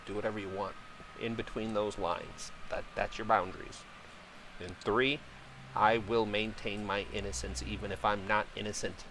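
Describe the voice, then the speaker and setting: A man's voice: fairly low pitch, fairly even intonation, normal speed, pauses often, fairly bright tone, slight background noise, low-quality recording. A man chatting casually while streaming a game, blunt and profane, joking about being a dad. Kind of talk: casual rambling chat while gaming.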